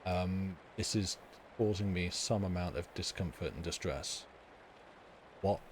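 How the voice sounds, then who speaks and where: A livestream host with a low voice speaks a little slowly as he reads stories, and a light hiss or hum sits in the background. He banters with viewers casually, dry and teasing, rambling with frequent restarts.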